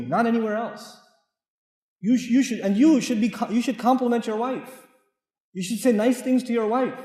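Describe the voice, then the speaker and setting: A man preaches to a live congregation in a high, ringing voice. He drives points home by repeating them, mixing stern urging with humor. The sound has the long, echoing reverb of a large hall. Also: darkish tone. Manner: emphatic, repeats key phrases, joking asides. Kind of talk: lively sermon to a live congregation.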